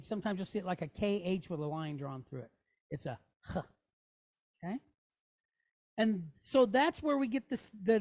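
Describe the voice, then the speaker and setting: A woman's voice: mid-range voice, a little mellow. A woman teaching a language class, patiently explaining step by step, demonstrating sounds aloud and often checking in with "okay?". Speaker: Hebrew teacher.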